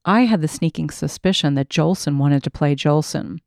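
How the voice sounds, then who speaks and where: A woman reads her memoir aloud as an audiobook, in a wry and measured way. Her voice sits a little low. The recording is dry and close, with no room sound. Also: creaky, a little mellow, no room sound. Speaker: memoir narrator.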